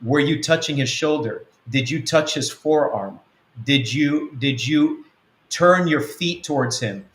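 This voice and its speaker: A man acting out a hurt husband who calmly presses his wife with pointed questions, in an echoey room. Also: on the high side, unhurried. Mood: hurt, probing.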